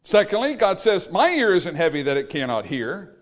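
A man's voice: sits high, big pitch swings, moderate pace. A man preaching a sermon in an emphatic, repetitive cadence, stressing each phrase in turn. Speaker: pastor.

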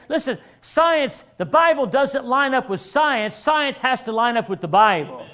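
A man preaching a sermon, animated and acting out the voices he quotes, sometimes rising to shouts. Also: very high-pitched, normal speed, few pauses.

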